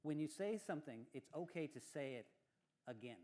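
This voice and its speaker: A man gives feedback on a speech in a fairly high voice. He rambles, restarting his sentences as he works through his points. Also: expressive, fairly quick, darkish tone. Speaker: workshop evaluator. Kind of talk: spoken feedback.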